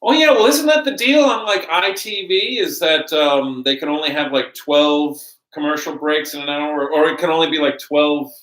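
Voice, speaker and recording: A man chatting loosely and swearing often as he hosts a casual watch-along. His voice is bright and forceful at a middle pitch, and it rings in an echoey room. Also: steady tone, moderate pace, few pauses. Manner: loose and profane. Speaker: podcast host.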